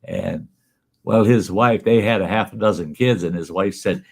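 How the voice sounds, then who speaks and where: A man's voice: sits low, moderate pace, gravelly, darkish tone, husky. A man hosting a casual livestream, telling jokes in a rambling, chuckling way. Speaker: host.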